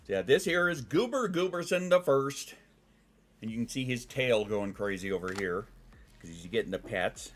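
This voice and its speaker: A man's voice: mid-range voice, expressive, moderate pace. A man chatting casually on a live stream, loose and profane, talking to his pets between comments.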